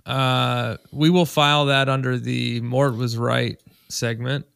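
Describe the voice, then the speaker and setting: A laid-back man hosts a casual podcast with jokey banter. He talks slowly in a gravelly voice. The sound is dry and close to the mic. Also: mid-range voice, flat delivery, fairly bright tone, dry recording. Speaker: podcast host.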